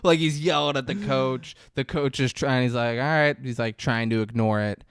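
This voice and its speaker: A man's voice: medium pitch, normal speed, clean tone, no echo, studio quality. A man co-hosting a podcast, recapping a film in casual chat and acting out the characters' lines. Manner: animated retelling with acted-out quotes. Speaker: podcast co-host.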